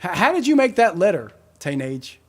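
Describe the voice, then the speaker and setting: A musician in his forties hosts a live stream, chatting casually and rambling as he reads out viewer comments, often correcting himself. His voice sits high, moves at a moderate pace, and swings widely in pitch.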